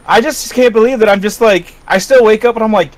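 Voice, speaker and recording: A man co-hosting a casual gaming podcast, excitable and laughing often as he acts out quotes. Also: high-pitched, brisk. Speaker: podcast co-host.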